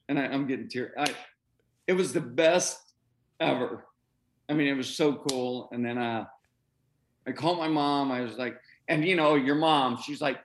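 Animated middle-aged man telling a story. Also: on the high side, unhurried. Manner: animated, acts out quoted voices, breaks into laughs. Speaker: former pro baseball pitcher, guest. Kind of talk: storytelling in an interview.

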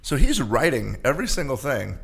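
A man's voice: mid-range voice, fairly quick, vocal fry. A man talking as a podcast guest, chatting casually and telling funny stories with lots of laughter. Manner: animated, laughing storyteller. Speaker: arena announcer as podcast guest. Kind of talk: casual chat.

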